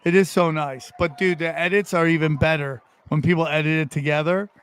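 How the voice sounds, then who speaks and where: A man talking casually as a podcast guest, rambling and animated, often calling the listener dude or bro. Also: fairly high pitch, fairly quick, smooth.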